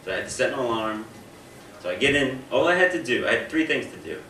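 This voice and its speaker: Young american guy doing standup, bright edgy voice, echoey room, mic far away. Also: medium pitch, animated, quick pace. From United States. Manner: self-deprecating, repeats his openings. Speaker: stand-up comedian. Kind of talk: stand-up comedy. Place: stage in a room. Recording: echoey room, distant mic, faint noise.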